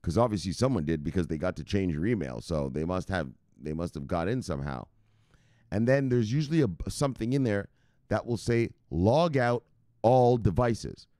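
A man hosting a crypto news stream, talking casually with slang and loud shout-outs, explaining things step by step. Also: low-pitched, animated, brisk, no echo, clean studio sound. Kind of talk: casual livestream talk.

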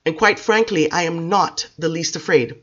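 A woman's voice: on the low side, moderate pace, a bit bright, highs cut off. A woman voicing a defiant, theatrical male vampire. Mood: passionate. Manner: grand, theatrical declarations. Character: passionate defiant male vampire rock star.

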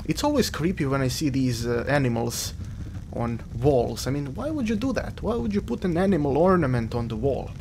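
A man's voice: mid-range voice, big pitch swings, fairly quick, darkish tone, slight background noise. A man giving casual, jokey commentary while playing a horror game, rambling and talking back at the game. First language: Croatian. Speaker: let's play gamer. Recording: game music behind.

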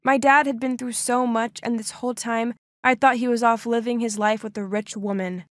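A young woman narrating an animated first-person story in an earnest, dramatic way. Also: on the high side, moderate pace, no room sound, studio quality.

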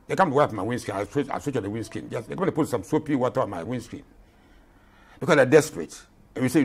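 Impassioned husky man in his eighties. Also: mid-range voice, animated, quick pace. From Ghana. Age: 80s. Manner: impassioned, repetitive, emphatic. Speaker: retired general, guest. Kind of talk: interview.

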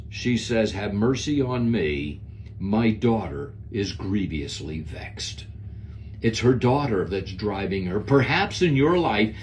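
A man's voice: mid-range voice, darkish tone, slight background noise. A man giving a devotional Bible lesson, preaching in an earnest, emphatic way. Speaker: Bible teacher.

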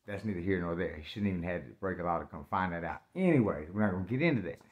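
A man telling a story about himself in slangy, animated speech that jumps into loud acted-out outbursts. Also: deep voice, racing, narrow, tinny audio. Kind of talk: casual spoken storytelling.

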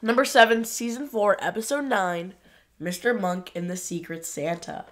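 A woman's voice: mid-range voice, fairly even intonation, a bit bright. A woman co-hosting a podcast, chiming in with short, easygoing remarks in casual chat. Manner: unhurried, short reactive remarks. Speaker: podcast co-host.

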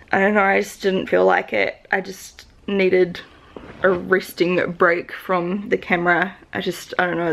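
A woman's voice: mid-range voice, creaky. A young New Zealand woman with a New Zealand accent, rambling to the camera in a confessional vlog, upset and holding back tears, with many likes and restarts. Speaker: vlogger.

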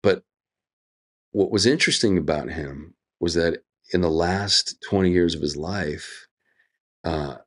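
A middle-aged man speaking as a guest in an interview, earnest and thoughtful, with lively quoted asides. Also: low voice, unhurried. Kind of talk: reflective interview conversation.

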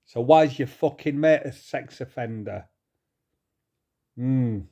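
Slow angry middle-aged man ranting. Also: mid-range voice. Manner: heated, swearing, repetitive, pausing to calm himself. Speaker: vlogger. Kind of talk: angry rant to camera.

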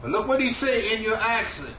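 Preacher man, slow and emphatic, bright voice bouncing around a big echoey room, mic kinda far off. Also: high-pitched, very animated, a little hiss or hum. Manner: slow, emphatic preaching with rising and falling cadence. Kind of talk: sermon. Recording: echoey room, mic at a distance, faint ambience.

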